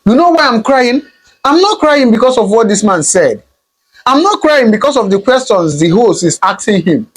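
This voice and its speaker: A man with a Nigerian accent hosting his own political commentary video, talking in an impassioned, emphatic way and slipping into pidgin phrases. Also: sits high. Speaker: channel host.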